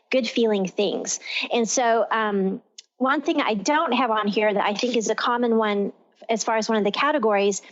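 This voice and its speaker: A woman from Texas hosting a talk radio show, explaining in long flowing sentences. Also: a little high. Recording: lo-fi radio sound.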